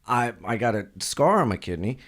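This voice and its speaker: A man who is a comedian guest on a studio podcast, telling a story in an animated, profane way and quick to flare up. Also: medium pitch.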